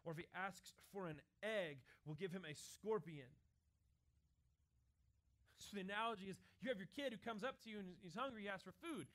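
A middle-aged man with a very high voice preaches a sermon. He talks in a chatty, conversational way and keeps checking in with "right?". For his main points he drops into a hushed, intense delivery. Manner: drops to a quiet, low, intense voice for key points. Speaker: pastor.

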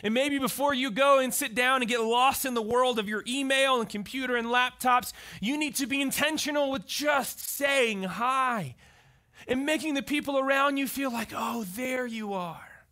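A man preaching a conversational sermon as pastor, telling stories with animated delivery and often checking in with the crowd. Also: very high voice, moderate pace. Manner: animated storytelling, often asks the crowd "right?".

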